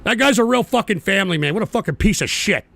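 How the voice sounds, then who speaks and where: A man's voice: sits high, expressive, quick pace, vocal fry, a bit bright. A man hosting a live-stream show, reading chat messages and answering them with profane, combative rants. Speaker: livestream radio host.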